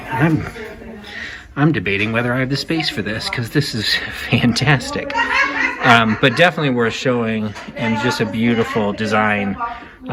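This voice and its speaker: A man giving conversational walk-through commentary while browsing an antique shop, explaining items with frequent fillers. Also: medium pitch. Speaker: antique reseller vlogger. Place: antique shop in a Victorian house.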